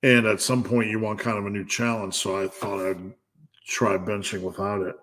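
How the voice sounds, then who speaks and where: A middle-aged man with a somewhat low voice answers viewer questions on a live stream. His strength-coaching advice comes out blunt and joking, often with false starts and repeated words. The talk stays casual and off the cuff. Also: little pitch movement, moderate pace, a bit bright.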